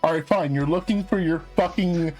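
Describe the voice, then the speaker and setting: A man's voice: on the high side, normal speed, darkish tone, soft background music, poor audio. Man ranting with constant swearing. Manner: profane exasperated ranting. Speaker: streamer. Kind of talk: casual chat.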